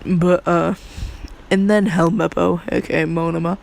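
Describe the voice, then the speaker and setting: A man's voice: sits high, flat delivery, normal speed, gravelly, low-quality recording. A young man casually retelling a fan story, rambling and slangy with many fillers.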